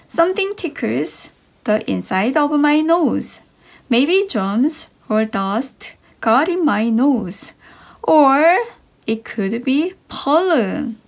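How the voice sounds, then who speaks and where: Slow, sing-song woman reading for kids. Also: high-pitched, big pitch swings. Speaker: reader of children's English stories. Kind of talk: slow expressive read-aloud for kids.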